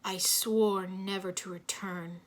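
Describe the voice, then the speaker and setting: A woman's voice: medium pitch, steady tone, lightly acted. A woman doing a stern old mentor. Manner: measured, sage-like pronouncements. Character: older male mentor, stern and wry.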